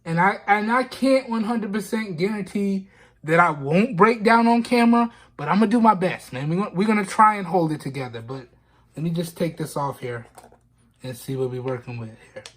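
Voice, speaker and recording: A man's voice: sits high, moderate pace, fairly bright tone. A man vlogging an unboxing, talking casually while trying not to cry, often repeating himself and saying "man" and "y'all". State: holding back tears. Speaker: vlogger reviewing products.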